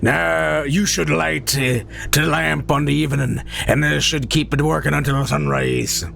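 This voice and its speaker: A man putting on a gruff old pirate captain. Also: a little high, fairly even intonation, measured pace, fairly bright tone, a little hiss or hum, voice pushed up, full character voice. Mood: gruff instructing. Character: gruff old male sea-captain lighthouse boss, pirate-like.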